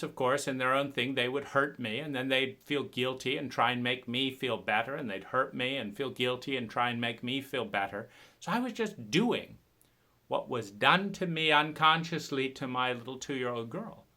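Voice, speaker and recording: A man talking about his own painful past in an emotional, halting monologue, often repeating words and swearing when upset. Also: mid-range voice, sharp tone. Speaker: speaker sharing personal story.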